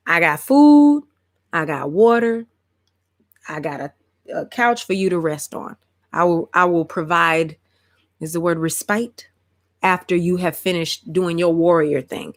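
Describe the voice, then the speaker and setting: A woman chatting casually on a live stream, reading out viewer comments. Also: lowish voice. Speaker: livestream host.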